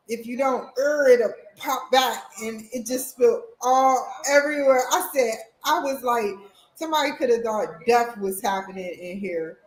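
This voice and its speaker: Her voice leans high, and the room audibly colors the rough recording. She's a college student at home, rambling through a casual chat aimed right at her viewers.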